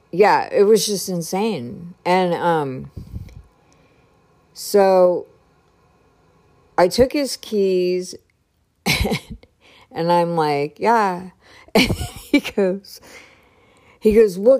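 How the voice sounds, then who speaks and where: A woman speaking on her own podcast at home tells a long story in a loose, conversational way. She slips into the voices of everyone involved and breaks into laughter now and then. Her voice sits a little low and her delivery is slow and unhurried. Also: darkish tone. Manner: chatty, retells dialogue with lots of "I go" and "he's like", laughs often. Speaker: podcast host. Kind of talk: casual storytelling monologue.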